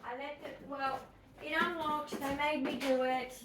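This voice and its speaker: A woman's voice: high voice, unhurried, a crowd in the background. A woman with an Australian accent chatting casually on a vlog, telling stories with animation and acting out other people's lines. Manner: animated storyteller, acts out what others said. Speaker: vlog co-host. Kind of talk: casual chat.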